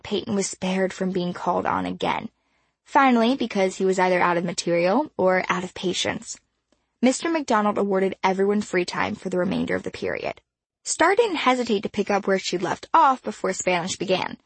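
A woman narrating an audiobook in a measured, expressive storytelling manner. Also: medium pitch, creaky, slightly rough, dry recording.

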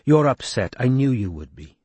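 A deep, coaxing Welsh woman with a husky, soft-spoken voice, as a male audiobook narrator puts her on. She sounds gentle and persuasive, pitched a little low, recorded close and dry. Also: very animated, moderate pace, no echo.

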